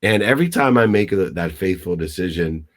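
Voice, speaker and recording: A man's voice: sits low, lively intonation, fairly quick. A middle-aged man speaking as a guest mentor, telling stories emphatically with many restarts and sounding choked up. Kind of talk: motivational interview talk.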